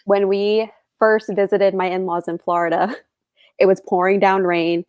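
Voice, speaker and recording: A woman who is a guest on a livestream, telling relaxed everyday stories with a light laugh. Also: medium pitch, moderate pace, clean tone, no room sound, studio quality. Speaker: guest on a stream. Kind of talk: casual chat.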